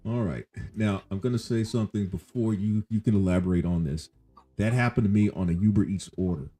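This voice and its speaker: Male podcast host, very low and mellow, easygoing interviewer. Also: a little fast. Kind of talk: casual interview chat.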